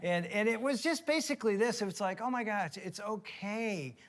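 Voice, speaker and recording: Animated middle-aged man telling a sermon story. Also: high voice, moderate pace. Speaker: pastor. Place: church stage.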